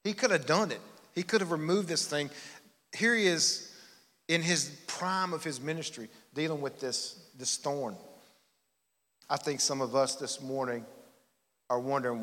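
A man's voice: fairly high pitch, measured pace, long pauses, a bit bright. A man, preaching a sermon in a folksy, self-deprecating storytelling way. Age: 40s. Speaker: pastor. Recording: long hall reverb in church.

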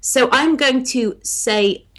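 A woman's voice: sits high, slow pace, a bit bright. A woman with an English accent co-hosting a podcast, chatting casually and teasing, with lots of fillers. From England. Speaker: podcast co-host. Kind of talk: casual chat.

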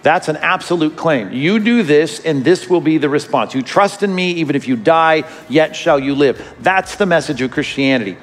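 A man's voice: a little high, lively intonation, moderate pace, few pauses, soft background music. A man preaching a sermon as a pastor, emphatic and repeating his key phrases. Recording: hall reverb.

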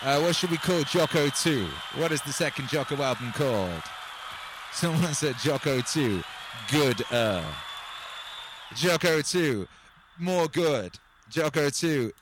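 Excitable man hosting a music stream. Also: a little high, takes it slowly, noisy background. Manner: excitable, rambling, bursts into shouts. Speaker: music livestream host. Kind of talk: hyped live stream chat over music. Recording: music playing loudly behind.

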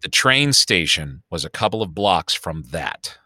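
Chicago man, fifties, podcast co-host, animated storyteller, crisp and bright voice, dry recording. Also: sits low, unhurried, no room sound. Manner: storytelling, animated, swears freely. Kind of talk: casual chat.

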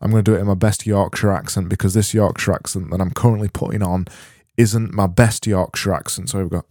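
Mellow-voiced man rambling deadpan. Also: low voice, brisk, no room sound, clean studio sound. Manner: rambling, self-deprecating, deadpan. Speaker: podcast host. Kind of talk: solo comedy podcast monologue.

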